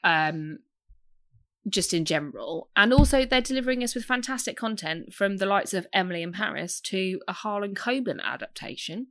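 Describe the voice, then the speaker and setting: A woman co-hosts a podcast, chatting casually and enthusiastically and laughing often. Her mid-range voice is animated and fairly bright at a moderate pace, with a dry, clean studio sound.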